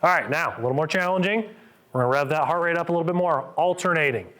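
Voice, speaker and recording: A man's voice: on the high side, quick pace, fairly bright tone. A middle-aged man, a physical therapist, coaching a live group through exercises with upbeat cues and counts.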